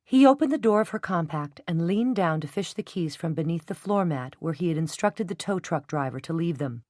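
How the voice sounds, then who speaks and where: This scripted narration comes from a female audiobook narrator telling a novel with steady, measured pacing. Her voice is on the low side, captured dry with studio quality.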